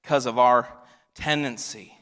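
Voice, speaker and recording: A male pastor preaching a sermon, swinging from loud emphatic lines to hushed near-whispers. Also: medium pitch, steady tone, slow pace. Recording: long reverb of a large hall.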